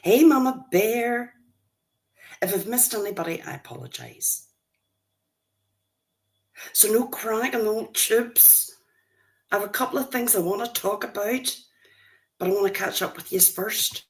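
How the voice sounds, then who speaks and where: A woman's voice: mid-range voice, expressive, measured pace, pauses often. A woman in her fifties, a grandmother, hosting a casual livestream and chatting with viewers, greeting them by name as they join. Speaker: livestream host.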